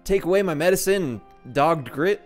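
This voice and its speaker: A man's voice: fairly high pitch, lively intonation, normal speed, faint music behind, voice pushed up, lightly acted. A man reading out the lines of a hearty young male traveling apothecary from a video game, in a boisterous way.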